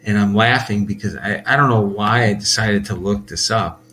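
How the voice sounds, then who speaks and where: Guy rambling on his own show, lowish voice, lots of uhs and restarts, soft music under it. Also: moderate pace. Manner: rambling, many fillers and restarts, laughs often. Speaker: host. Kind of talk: casual monologue.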